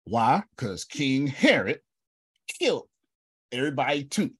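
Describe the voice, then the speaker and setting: A man's voice: medium pitch, sing-song, unhurried, fairly bright tone, slightly rough, no room sound, studio quality. A man telling a story in a preaching style, dramatic, repeating a refrain and calling on listeners by name. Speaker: speaker.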